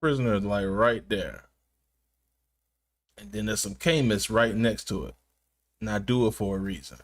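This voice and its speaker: A man's voice: fairly low pitch, animated, normal speed. A man live-streaming from his gaming chair at home, chatting casually with viewers, joking and laughing often.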